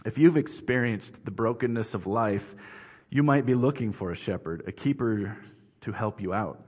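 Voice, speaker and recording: A man preaching a sermon in a church, in a measured, earnest expository manner. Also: on the low side, breathy edge. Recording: dull, reverberant hall recording.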